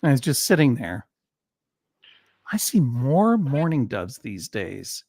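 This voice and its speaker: A man's voice: medium pitch, sing-song, slow, darkish tone, no echo, studio quality. A man hosting a casual online talk show, playful and rambling, with absurd asides. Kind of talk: casual video chat.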